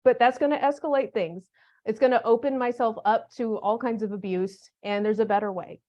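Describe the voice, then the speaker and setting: A woman's voice: fairly high pitch, steady tone, a little fast, lo-fi sound. A woman presenting a teacher workshop in a conversational, humorous way, with practical classroom examples. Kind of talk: conference workshop talk.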